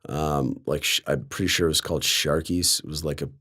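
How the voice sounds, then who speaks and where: A man's voice: a bass voice, steady tone, a little fast, sharp tone. A young man from Colorado casually telling a rambling story, full of fillers and sarcasm. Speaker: guest storyteller.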